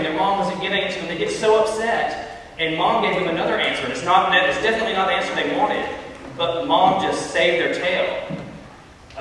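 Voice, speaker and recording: A man's voice: a little high, fairly bright tone, a little hiss or hum. A man giving a conversational, story-driven Bible talk to children at a church. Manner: storytelling, conversational, addresses kids. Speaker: youth speaker. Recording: echoey hall, far from mic.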